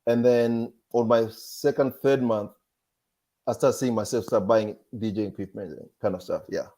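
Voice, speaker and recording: A man's voice: fairly low pitch, steady tone, moderate pace. Hesitant man, DJ guest. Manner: hesitant, restarts sentences, soft-spoken. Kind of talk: casual interview chat.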